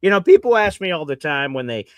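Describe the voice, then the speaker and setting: Ranting high-voiced sports host. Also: male voice, sing-song, fast talker, no room sound, studio quality. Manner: ranting and sarcastic, mocking fans in put-on voices. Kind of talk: live sports reaction talk.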